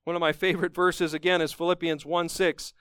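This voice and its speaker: A man preaching a sermon, emphatic and fervent, climbing to strong peaks and dropping low to close each point. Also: flat delivery, fairly quick, fairly bright tone, clear, resonant tone, dry recording. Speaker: pastor.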